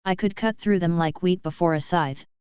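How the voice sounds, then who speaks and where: A woman voicing a cold, contemptuous male dark lord. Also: fairly low pitch, normal speed, smooth, no echo, muffled recording, natural voice. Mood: menacing.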